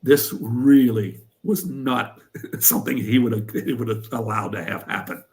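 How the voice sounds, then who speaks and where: A man, a former wrestler and coach, telling a funny story as an interview guest, animated and laughing through the punchlines. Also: medium pitch, measured pace.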